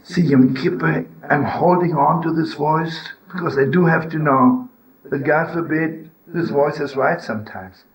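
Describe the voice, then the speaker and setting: An older man giving an informal religious teaching, telling stories and asking "right?" and "you know?" to his listeners, rising to loud scolding when he acts out a harsh inner voice. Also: a little high, a little slow, poor audio. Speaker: rabbi and storyteller.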